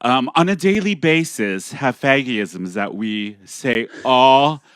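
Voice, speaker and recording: A man hosting a casual podcast chat, giggly and bawdy, quick to laugh. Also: medium pitch, lively intonation, a bit bright, smooth, no room sound, studio quality. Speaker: podcast host. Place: warm home studio.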